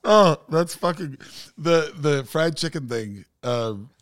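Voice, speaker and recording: A man hosting a casual podcast chat, telling a story in an animated way and acting out the people in it. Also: a little high, takes it slowly, no room sound, clean studio sound. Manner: animated storyteller who acts out quoted people. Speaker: podcast host.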